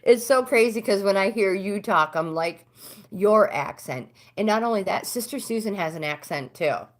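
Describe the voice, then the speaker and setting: A middle-aged American woman hosting a casual livestream, chatting with viewers and answering their comments. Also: normal speed. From United States. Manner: chatty, talks back to comments, pitch swings up when animated. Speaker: livestream host.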